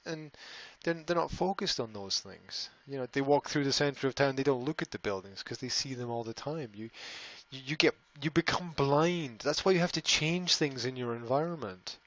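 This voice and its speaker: A man's voice: mid-range voice, expressive, moderate pace, hardly any pauses, a bit bright, dull audio. A man hosting a casual live stream, rambling, often repeating words and reading out viewer comments. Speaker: language school host answering live chat.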